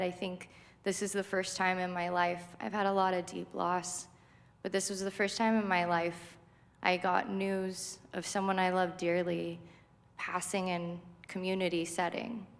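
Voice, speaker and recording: A woman speaking as a friend at a memorial service, heartfelt and measured, with frequent pauses. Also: fairly low pitch, little pitch movement, gravelly. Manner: heartfelt, measured, pausing often. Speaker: friend giving a eulogy. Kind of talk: memorial tribute speech. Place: spiritual center sanctuary. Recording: echoey hall reverb.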